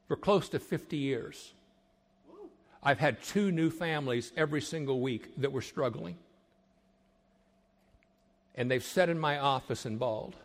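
Speaking to a young audience, an older marriage counselor delivers an emphatic talk much like a sermon, layering repeated phrases and occasionally falling to a hush. His voice is a little high, and the recording carries a long hall reverb.

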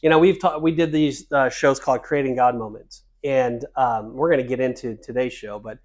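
A man's voice: medium pitch, normal speed. Man telling a story on a podcast. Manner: animated storyteller, laughs while telling. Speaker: podcast co-host. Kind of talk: casual chat. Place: cruise ship.

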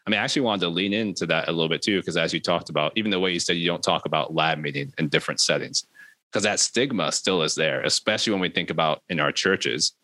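Very deep-voiced man host, dry sound. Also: quick pace, sharp tone, dry recording. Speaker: podcast host. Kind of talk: conversational podcast interview.

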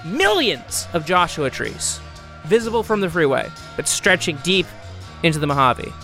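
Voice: mid-range voice, sing-song, normal speed, pushed and bright, faint music behind. A game master narrating a tabletop game in a vivid, playful, cinematic way.

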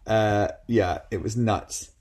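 A middle-aged man, chatting as a guest and telling lively anecdotes, often slipping into quoted voices. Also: fairly low pitch. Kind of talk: casual chat.

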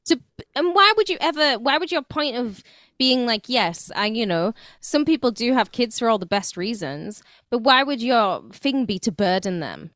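A woman's voice: a little high, animated, normal speed, fairly bright tone, dry recording, clean studio sound. A woman co-hosting a podcast, talking bluntly and crudely and laughing often. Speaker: podcast co-host. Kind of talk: crude comedic podcast chat.

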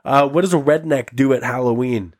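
A man's voice: mid-range voice, fairly quick, darkish tone. Joking, loose-talking male podcast host. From Canada. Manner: loose, joking, swears freely. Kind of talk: casual podcast banter.

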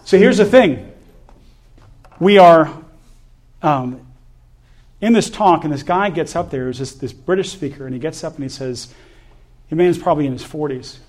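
A man preaching a sermon, telling a personal story in an animated way and laughing between lines. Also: on the high side, moderate pace, long pauses.

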